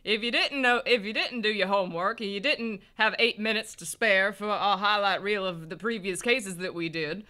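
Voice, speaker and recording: A man's voice: high-pitched, moderate pace, few pauses, sharp tone. A man with a Southern US accent, rambling and joking as he comments on a game he's playing. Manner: rambling, self-mocking, laughs often. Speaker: let's play co-host. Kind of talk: casual gameplay commentary.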